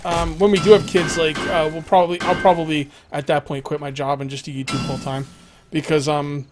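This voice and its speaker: A man's voice: on the high side, little pitch movement, fairly quick, music in the background. A young man chatting casually on a game live stream, rambling, laughing often and reading viewers' messages aloud.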